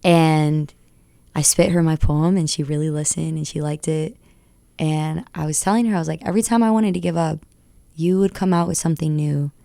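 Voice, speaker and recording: A young adult woman rapper talking as a radio guest, recounting stories in an excitable, tumbling way. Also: low-pitched, moderate pace, gravelly, no room sound. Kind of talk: animated storytelling interview. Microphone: studio radio mic.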